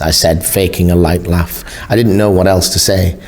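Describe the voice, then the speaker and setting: A man reading a first-person novel aloud as an audiobook narrator, measured and expressive. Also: sits low.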